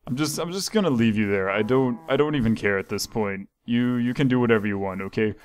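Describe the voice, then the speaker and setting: A man's voice: mid-range voice, fast. A man hosting a casual let's-play, talking in an exasperated, scolding way while rambling about his game. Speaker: gaming channel host.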